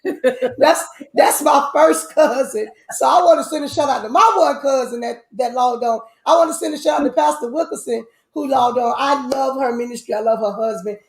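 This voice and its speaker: Animated woman, echoey room. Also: high-pitched, brisk. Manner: animated, loud outbursts, repeats herself. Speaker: host. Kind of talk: casual live-stream chat.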